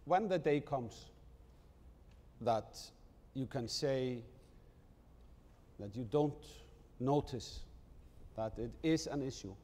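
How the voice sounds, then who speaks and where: Slow, deliberate man from Iceland. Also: mid-range voice, expressive, warm tone. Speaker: head of government. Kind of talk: panel answer. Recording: distant mic in a reverberant hall.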